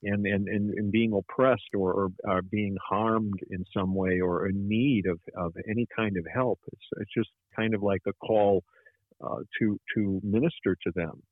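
A man, a pastor, speaking haltingly with many restarts in a radio Bible study conversation. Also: fairly low pitch, steady tone, no echo. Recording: dry, tinny phone line.

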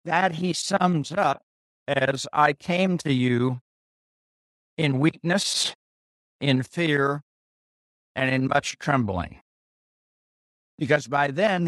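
Slow, deliberate male Bible teacher. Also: on the high side, fairly bright tone, no echo, studio quality. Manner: deliberate, pausing, repeats key phrases.

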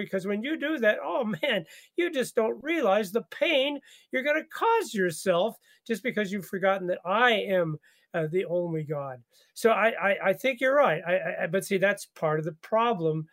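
A man hosting a conversational radio Bible study, animated, laughing often and repeating words as he thinks. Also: high voice.

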